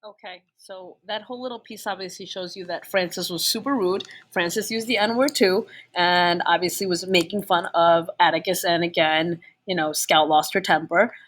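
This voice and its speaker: A woman's voice: lowish voice, steady tone, moderate pace, few pauses, fairly bright tone, slight background noise. A woman teacher giving a casual chapter summary, chatty and full of fillers, often checking in with "okay?".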